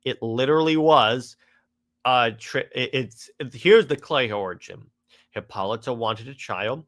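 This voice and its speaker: A man's voice: medium pitch, measured pace, a bit bright. A man giving a casual, exasperated critique of a comic run, rambling with frequent restarts.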